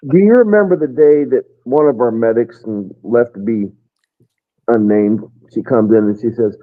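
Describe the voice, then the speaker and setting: A man's voice: mid-range voice, normal speed. An American man, a retired first sergeant, casually telling army stories and acting out what others said. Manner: rambling storyteller, acts out quoted soldiers. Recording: tinny phone-like line.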